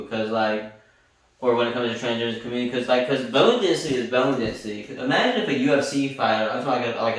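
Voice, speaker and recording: A young man co-hosting a podcast chats in a loose, joking way and stretches words out for emphasis. His voice sits at an ordinary pitch. He sounds set back from the microphone in a boomy, echoing room. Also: fairly bright tone. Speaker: podcast co-host. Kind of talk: casual chat. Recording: roomy echo, distant from the mic.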